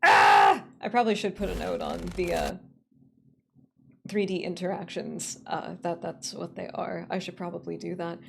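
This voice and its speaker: A woman streamer in casual livestream chat, excitable, swearing freely and swinging between squeals and grumbles. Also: on the low side, normal speed, vocal fry, slight background noise.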